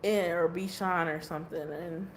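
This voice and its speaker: A woman's voice: fairly low pitch, fairly even intonation, normal speed, a little hiss or hum. A woman giving a casual tarot reading who rambles, swears casually and laughs often. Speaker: tarot reader.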